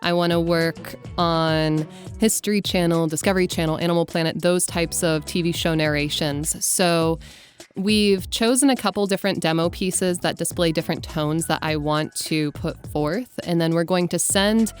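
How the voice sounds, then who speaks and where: Reflective vlogger, woman voice actor, slightly low voice, soft music under. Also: normal speed. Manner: relaxed, reflective, conversational. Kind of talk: vlog talk and voice-over.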